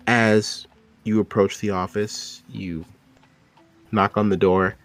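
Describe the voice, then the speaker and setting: A man narrating a tabletop role-playing game as game master, relaxed and descriptive. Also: on the low side, slow pace, long pauses, dry recording. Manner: relaxed, descriptive, some fillers.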